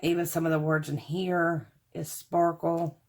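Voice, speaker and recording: A chatty woman in her forties, talking casually to viewers in a rambling, homey way. Her voice sits a little low for a woman. She keeps addressing her audience as y'all. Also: little pitch movement, measured pace, darkish tone. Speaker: craft haul vlogger. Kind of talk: casual chat to camera.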